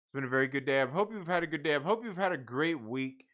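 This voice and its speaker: A man hosting a late-night live stream, rambling through viewer comments with plenty of swearing and laughter. His voice is bright and his pitch swings widely. He sounds tired but keeps chatting. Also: expressive, fast. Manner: profane, rambling, laughs often. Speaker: livestream host. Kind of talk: casual live chat reading viewer comments.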